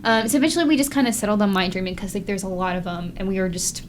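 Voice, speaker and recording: A young woman co-hosts a podcast and tells a travel story in relaxed, rambling chat, stringing thoughts together with "like". Her pace is brisk and quick. A faint hiss sits under the recording. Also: mid-range voice. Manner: chatty, lots of "like", mimics people in quotes. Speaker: podcast co-host. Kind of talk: casual chat recounting a trip.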